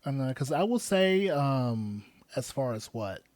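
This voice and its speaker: A man's voice: medium pitch, sing-song, unhurried, a little mellow, no room sound. Laid-back man co-hosting a podcast. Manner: laid-back, teasing, with fillers. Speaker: podcast co-host. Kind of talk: casual chat.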